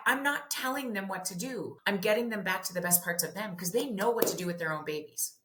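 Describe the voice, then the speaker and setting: A woman's voice: fairly low pitch, a bit bright. A woman in her forties, a therapist and parenting author, talking candidly and animatedly, swearing casually and acting out her children's voices. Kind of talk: candid podcast conversation. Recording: roomy echo.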